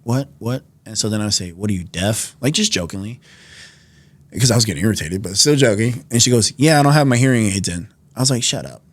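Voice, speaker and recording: A man's voice: fairly low pitch, lively intonation, fast talker. A man in his twenties from New York, a podcast guest telling his life story in casual conversation, acting out quoted dialogue with lots of fillers. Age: 20s. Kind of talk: personal testimony in casual conversation. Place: podcast studio.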